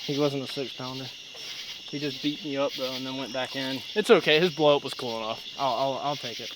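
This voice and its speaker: A young man vlogging from a boat on a night fishing trip, excitedly exclaiming as he talks, with crickets behind him outdoors. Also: medium pitch, a little fast, very noisy. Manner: excitable, exclaiming, breaks into whoops. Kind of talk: excited outdoor vlog commentary. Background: crickets and insects at night.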